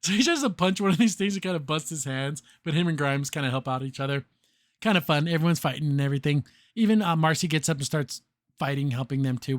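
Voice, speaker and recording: A man hosting a podcast, recapping an episode in a loose, filler-heavy way and acting out characters' lines in quick put-on voices. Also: medium pitch, no echo, studio quality. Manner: filler-heavy, restarts often. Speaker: podcast host reviewing a cartoon.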